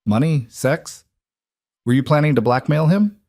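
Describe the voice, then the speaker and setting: A man voicing a calm, smooth mob interrogator in a suit, coldly menacing. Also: on the high side, unhurried, no echo, studio quality, voice pushed up.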